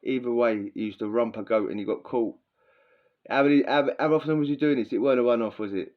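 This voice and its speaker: A man's voice: mid-range voice, quick pace. A man, telling crude stories in a casual, slangy way, full of swearing and laughter. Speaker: podcast host. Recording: dull lo-fi recording.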